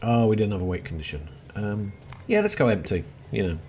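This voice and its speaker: A middle-aged man with a lowish voice rambles through his gameplay commentary, swinging his pitch up and down as he jokes at his own expense. He often drops into quiet muttering to himself, and a clear hum of outdoor noise with seagulls sits behind him. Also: sing-song, fairly quick. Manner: chatty, self-deprecating, mutters to himself while playing. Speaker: let's play host. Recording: noisy background with seagulls.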